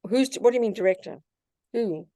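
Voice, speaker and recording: A woman's voice: fairly high pitch, brisk, dark tone, no echo, studio quality. An older woman, a Buddhist nun, teaching in a question-and-answer session, blunt and scolding but calling people darling.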